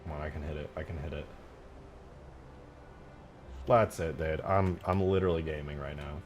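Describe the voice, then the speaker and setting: A man's voice: extremely low pitch, fairly even intonation, moderate pace, music in the background. A man in his twenties chatting casually on a live stream, rambling and swearing through slangy stories. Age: 20s. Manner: rambling, profane storytelling with slang.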